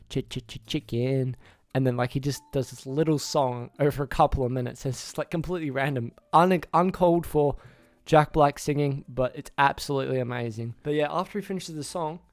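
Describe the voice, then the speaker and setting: A man's voice: a little high, a little mellow, no room sound. A man casually recapping a film's plot for his channel, rambling, restarting names and acting out the characters' lines. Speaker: YouTuber reviewing a film.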